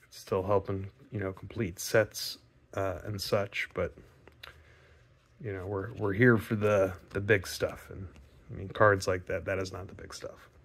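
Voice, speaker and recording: A man's voice: low-pitched, little pitch movement, unhurried, slightly rough. A man casually commenting as he opens trading card packs, chatty and laid-back with joking asides. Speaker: card-opening video host. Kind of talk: casual pack-opening commentary.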